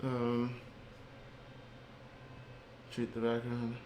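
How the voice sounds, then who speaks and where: A man's voice: medium pitch, completely flat delivery, extremely slow, a little mellow. A man coding at home, venting in a casual, rambling monologue, swearing freely and sounding frustrated. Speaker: software developer vlogger. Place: home basement room. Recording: roomy echo with faint hum.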